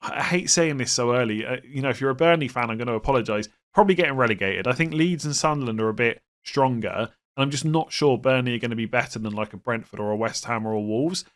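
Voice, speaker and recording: A young man hosting a fantasy football channel, talking casually in an animated, opinionated way, often restarting his sentences. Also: medium pitch, fast talker, hardly any pauses.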